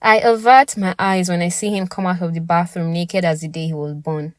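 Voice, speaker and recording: A woman's voice: fairly low pitch, fairly even intonation, fairly quick, dry recording, studio quality. A young woman narrating a first-person story in a dramatic, intimate way. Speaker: podcast narrator.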